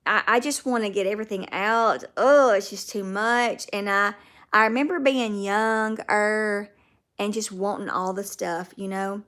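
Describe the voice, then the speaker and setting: Speaking a little slowly with fairly even intonation, this Southern US woman chats casually on her livestream. Her medium-pitched, fairly bright voice reads out viewer comments and addresses viewers by name.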